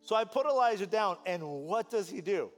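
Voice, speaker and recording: A man preaching a sermon as pastor, telling a story with lively, animated delivery and acting out voices. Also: sits high, moderate pace, faint music behind.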